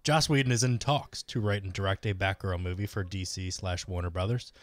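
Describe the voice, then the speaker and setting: A man co-hosting a casual podcast, relaxed and rambling, with many fillers. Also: deep voice, fairly quick, dry recording. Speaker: podcast co-host. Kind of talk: casual chat.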